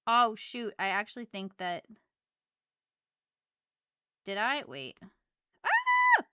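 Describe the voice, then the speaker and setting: Woman streamer, casual chat while drawing; crisp, clean voice, loud excitable reactions. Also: medium pitch, slow, dry recording. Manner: chatty, reacts loudly to chat with squeals and laughs.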